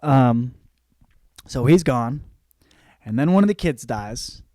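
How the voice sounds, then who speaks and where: A young man talks through a classic novel in a loose, profane, conversational way. He slips into quick voices for the characters as he retells the plot. His voice is mid-pitched and close on a dry mic. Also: animated, mellow, no room sound. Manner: casual, profane, acts out characters' lines. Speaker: podcast host. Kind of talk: casual book review.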